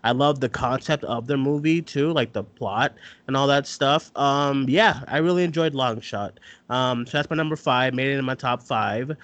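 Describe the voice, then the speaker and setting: A man's voice: medium pitch, moderate pace, no room sound. A man co-hosting a movie podcast over a remote call, talking loosely and casually with many fillers. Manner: relaxed, loose, with frequent fillers. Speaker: podcast co-host, film editor. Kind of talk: casual chat.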